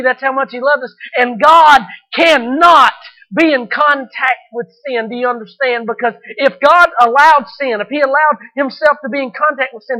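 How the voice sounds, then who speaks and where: A man's voice: very high-pitched, pushed and bright, rough recording. A man preaching a sermon as pastor, earnest and emphatic, repeating his points for weight.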